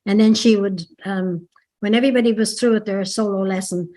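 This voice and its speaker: A woman's voice: mid-range voice, steady tone, a little fast, warm tone. An older woman with a Dublin Irish accent, chatting as an interview guest about her past and often correcting herself mid-sentence. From Ireland. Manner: chatty, meandering, self-correcting. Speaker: interview guest, dance teacher. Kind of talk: reminiscing interview.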